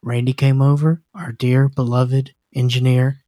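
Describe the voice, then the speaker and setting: A man's voice: mid-range voice, level tone, unhurried, mellow, no room sound, clean studio sound. A man co-hosting a podcast, chatting casually about horror films in a rambling, joking way with many restarts. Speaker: podcast co-host.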